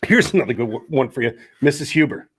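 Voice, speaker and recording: A man of about fifty tells old stories on a podcast in a loose, chatty way. He slips into the voices of the people he quotes. His voice sits at an ordinary middle pitch. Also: quick pace, breathy edge. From Wisconsin. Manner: animated storyteller, acts out quoted dialogue. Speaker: podcast co-host, former college lineman. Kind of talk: casual storytelling chat.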